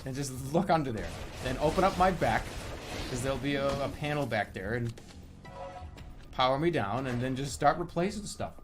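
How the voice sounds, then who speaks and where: A male streamer talks over his gameplay in a mid-pitched voice, swearing freely and breaking into loud excited rants. Soft game music hums faintly behind him. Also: moderate pace. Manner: profane, excitable ranting with loud outbursts. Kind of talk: live-streamed gameplay commentary.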